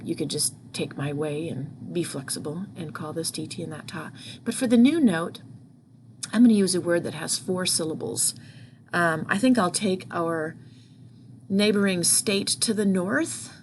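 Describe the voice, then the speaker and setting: A woman's voice: fairly low pitch, slight background noise. A music teacher explaining rhythms patiently, step by step, speaking into a computer mic at her desk. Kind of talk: online music lesson.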